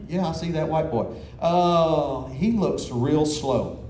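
A man voicing two big, hungry male dogs that talk to each other in a slow, low drawl while telling a story in a sermon. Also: mellow, slight background noise. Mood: sly drawl. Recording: echoey hall.

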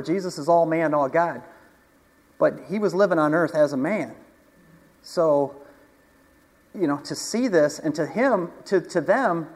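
Conversational preacher in a reverberant hall. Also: male voice, on the high side. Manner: conversational, rhetorical questions to the congregation. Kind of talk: sermon. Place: church hall.

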